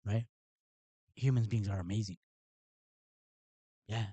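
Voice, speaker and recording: Guy hosting a live stream, low warm voice, kinda sarcastic and mocking, dry close mic. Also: steady tone, slow pace, slightly rough, dry recording. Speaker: livestream host. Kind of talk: casual live-stream commentary.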